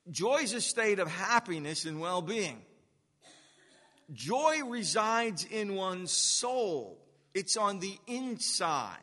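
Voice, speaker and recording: A male pastor delivers a sermon in a high, bright voice, taking his time and hammering key words with repetition. His words ring out with a long reverb from a large church hall. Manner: deliberate preaching with emphatic repeated phrases.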